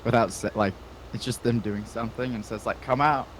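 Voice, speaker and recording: A man's voice: on the low side, level tone, a little fast, slight background noise, rough recording. A man playing along with a friend, telling rambling stories and laughing often in casual chat. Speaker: co-player. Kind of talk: casual chat while gaming.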